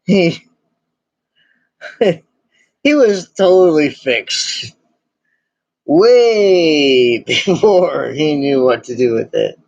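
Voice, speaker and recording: A giggly man chatting casually on a stream, talking very slowly in a slightly high voice. His laughter keeps breaking into his sentences. The sound is dull and lo-fi, with no room echo at all. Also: animated, creaky, darkish tone. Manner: giggly, laughs constantly between phrases. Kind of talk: casual chat.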